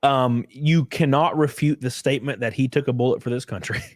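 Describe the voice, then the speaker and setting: Mocking the material he reads, a young man runs a loose, profane political livestream, voicing the quotes with dramatic leaps in pitch. Otherwise his intonation stays fairly even and his pace fairly quick, captured in clean, echo-free studio sound.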